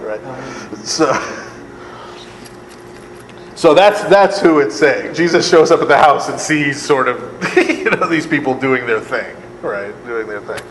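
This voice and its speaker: Priest teaching in an echoey hall. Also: male voice, medium pitch, a little slow, fairly bright tone. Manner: conversational, keeps asking "right?", laughs often; sarcastic asides. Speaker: priest teaching Bible study. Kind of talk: Bible study lecture. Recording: echoey room, long reverb, faint air conditioning hum.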